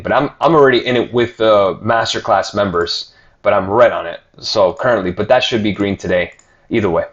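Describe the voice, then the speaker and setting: A man's voice: lowish voice, lo-fi sound. A man hosting a casual stock market commentary show, talking loosely with many fillers and reading out viewer questions. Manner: conversational, filler-heavy, reads viewer questions aloud.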